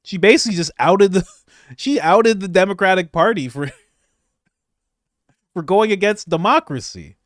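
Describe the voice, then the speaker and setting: A man's voice: sits high, measured pace, pauses often, no room sound, clean studio sound. A man hosting a commentary channel, reacting to clips with frequent laughter and mocking disbelief. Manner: laughing often, incredulous and mocking.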